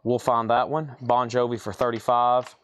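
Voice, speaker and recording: A man's voice: mid-range voice, flat delivery, moderate pace. A man hosting a live online sale, calling out prices and buyers' names and thinking aloud as he sorts items indoors. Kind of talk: live auction selling.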